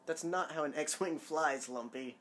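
A man's voice: a little high, a little slow, fairly bright tone. Man, casual watch-along co-host; jokey, exclamatory, trivia-minded. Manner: joking, exclamatory, trivia-sharing.

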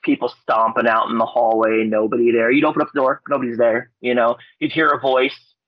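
A man from Alaska, a podcast guest, telling ghost stories in a casual way, with lots of fillers and animated quotes. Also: fairly quick, no echo. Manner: animated, acts out quotes with loud high-pitched voices; laid-back, frequent fillers and swearing. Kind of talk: casual storytelling. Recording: dull lo-fi podcast audio.

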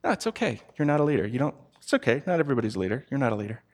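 A man's voice: medium pitch, big pitch swings, rapid-fire. A man voicing a condescending male pastor, smug and dismissive.

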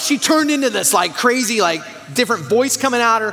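High bright guy preaching, chatty and stumbly, big church echo, faint music under it. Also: quick pace, few pauses. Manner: animated, conversational, stammering restarts. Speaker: pastor. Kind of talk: sermon storytelling. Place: church sanctuary. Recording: long hall reverb, faint music.

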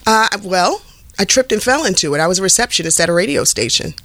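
A woman's voice: mid-range voice, quick pace. A middle-aged woman, a TV host and former radio personality, telling stories in a casual interview and often slipping into voices. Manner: animated storyteller, does voices and laughs often.

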